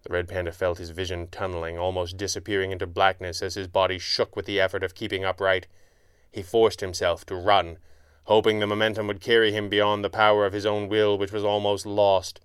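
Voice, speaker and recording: Male audiobook narrator, dramatic but measured, lowish voice, super clear. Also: level tone, a bit bright, no echo.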